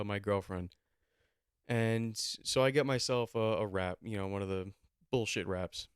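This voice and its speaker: A man's voice: mid-range voice, smooth, no echo, studio quality. Profane rambling man telling a story. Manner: rambling, profane, mock-indignant. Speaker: podcast host. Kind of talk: comedic storytelling chat.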